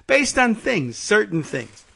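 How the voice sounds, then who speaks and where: A loud, bragging male politician who talks down to a reporter, dodges every question and boasts in a raised, fairly high voice, as a man puts him on for a comedy bit. He pushes his pitch up and punches his claims hard. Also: very animated, slow, vocal fry, slightly rough, heavily acted. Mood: blustering. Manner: bragging, hectoring. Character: blustering boastful male president, evasive, defensive.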